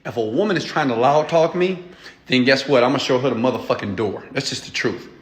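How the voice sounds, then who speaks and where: A man's voice: medium pitch, fast talker. Blunt, profane man lecturing viewers. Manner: blunt, profane, emphatic, repeats "okay?". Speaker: entrepreneur and mentor. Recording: echoey room.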